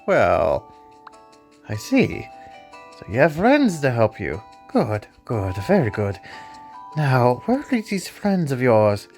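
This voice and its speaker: A man's voice: mid-range voice, wildly swooping pitch, slow, darkish tone, soft background music, exaggerated voice. A man voicing a spry, jolly old male archaeologist with a Scottish accent, reading game dialogue aloud.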